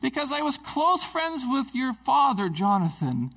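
A man voicing an overjoyed, generous ancient king who exclaims loudly in a high voice. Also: big pitch swings, unhurried, full character voice, rough recording.

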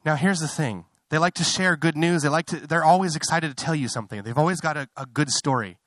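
A man's voice: fast talker, fairly bright tone, no room sound. Young male pastor, conversational sermon delivery with impassioned climbs, dry recording. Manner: conversational, building to impassioned high-pitched fervor; self-interrupting, apologetic asides.

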